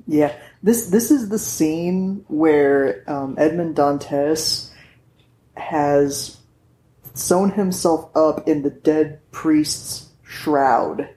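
A woman's voice: low voice, extremely slow, mellow, reverberant. A woman hosting a podcast, chatting in a playful, teasing way. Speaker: podcast host. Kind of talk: casual chat.

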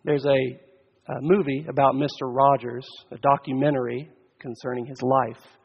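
A man, a pastor preaching a sermon, with earnest delivery that swells loud and then drops almost to a hush. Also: mid-range voice, little pitch movement, moderate pace, vocal fry, husky. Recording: dull sound, long church reverb.

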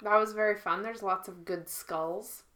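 Woman, casual chat, co-host, bright clear tone, laughs often. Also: mid-range voice, steady tone, moderate pace. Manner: laughs often while telling stories.

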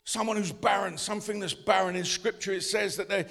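A pastor preaching a sermon, building up to shouts and asking the congregation questions. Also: male voice, sits high, fairly even intonation, fairly quick, gravelly. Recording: long hall reverb.

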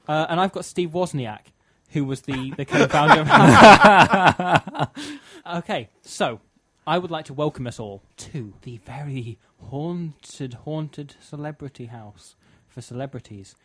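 A man's voice: a little high, unhurried, few pauses. A man hosting a comedy podcast, rambling and giggly as he sets up games. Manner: giggly, rambling, self-interrupting. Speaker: podcast host. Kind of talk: casual comedy chat.

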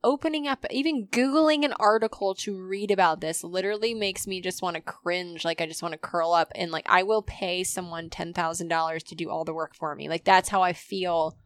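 A woman chatting casually on a podcast, animated and quick to laugh, swearing freely and using many fillers. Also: lowish voice, dry recording. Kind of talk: casual chat.

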